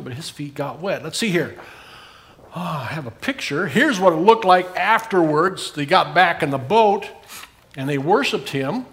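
Older guy doing a kids' bible talk, voice jumps all over, kinda high. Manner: animated storytelling, asking kids questions. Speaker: pastor giving a children's message. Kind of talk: children's sermon.

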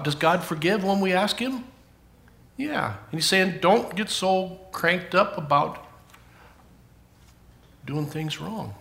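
Animated man giving a children's sermon. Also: on the high side, reverberant. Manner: animated, playful, asks children questions. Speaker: children's pastor.

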